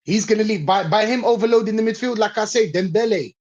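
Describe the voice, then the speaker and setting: A man's voice: sits high, fast talker, a little mellow, highs cut off. A man talking as a guest in a casual football chat, insistent and repeating his points.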